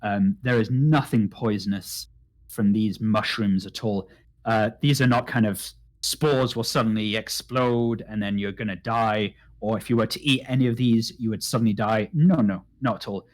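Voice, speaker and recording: A man narrating a tabletop game as game master, halting with many restarts. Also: fairly low pitch. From United Kingdom.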